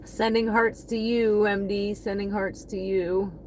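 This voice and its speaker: Lady on a live stream, unhurried talk, greets chat by name, bit of car hum behind. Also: medium pitch, little pitch movement. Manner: chatty, thanks viewers by name. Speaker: livestreaming delivery driver. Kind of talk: casual livestream chat.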